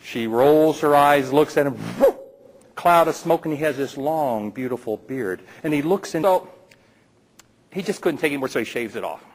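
A man's voice: on the high side, normal speed, rough recording. A man telling a playful folk tale aloud to a live audience, with teasing asides to the listeners. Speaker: storyteller.

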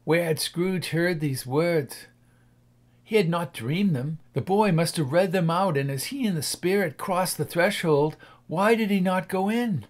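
A man narrates a classic tale in a measured, expressive way. His voice sits fairly high and often drops to a hush for dark moments. It is a careful dramatic audiobook reading.

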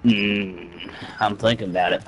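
A man's voice: fairly low pitch, steady tone, a little slow, heavy background noise. A man in casual gaming banter, ranting and joking with heavy profanity over a headset while game gunfire roars. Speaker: gamer. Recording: loud gunfire from game audio.

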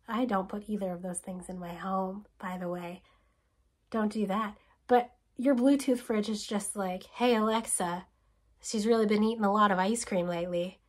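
A woman host talking to camera in a casual, animated and sarcastic way, firing off rhetorical questions and sometimes dropping to a whisper. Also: on the high side, slightly rough. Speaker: video essayist host. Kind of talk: casual spoken commentary.

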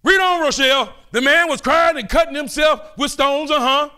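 An older man preaching a fervent sermon, calling out and pleading with his listeners between quieter asides. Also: very high voice, normal speed.

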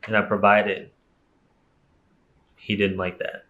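Give me a young man with a fairly low voice, candidly telling his followers a personal story in a casual vlog. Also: level tone, takes it slowly, narrow, tinny audio. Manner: candid, emphatic, swears freely. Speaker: YouTuber.

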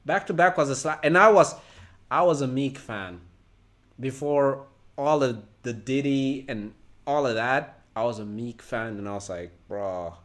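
Guy reacting on a commentary show, mid pitch, goes from loud outbursts to low mutters. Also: measured pace. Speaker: co-host.

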